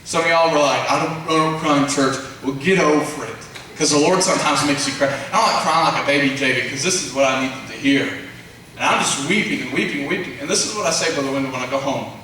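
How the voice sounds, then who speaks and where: A man preaching a revival sermon in a church, telling stories with animated energy and talking straight to the congregation. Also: medium pitch, fast talker, recorded from a distance, a little hiss or hum. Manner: animated storytelling, addresses congregation directly. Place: church sanctuary. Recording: very echoey church sound from afar.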